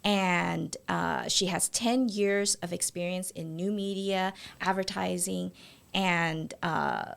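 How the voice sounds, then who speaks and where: A woman's voice: lowish voice, slow pace, creaky. A woman co-hosting a podcast, eager and enthusiastic, chiming in with agreement. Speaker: podcast co-host. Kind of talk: casual podcast chat.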